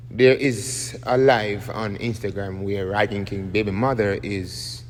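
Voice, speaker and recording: A man's voice: on the low side, fairly even intonation, slow. A man with a Jamaican accent giving rambling casual commentary as a YouTube host, tagging lines with "you see me". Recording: long reverb, faint background noise.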